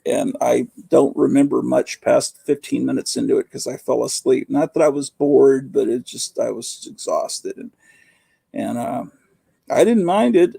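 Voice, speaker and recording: A man hosts a casual live stream, rambling as he reads out viewer comments. His voice is heavily gravelly and husky, with a dark, mellow tone. The sound is dry and close. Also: mid-range voice, dry recording. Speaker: host.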